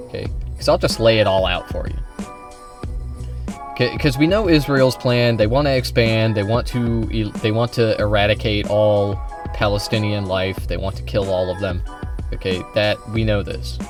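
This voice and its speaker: A man hosts a casual political livestream and argues heatedly with his viewers. His voice sits at an ordinary pitch and he talks straight at the chat. Music plays clearly in the background. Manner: combative, heated, addresses chat directly. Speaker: streamer.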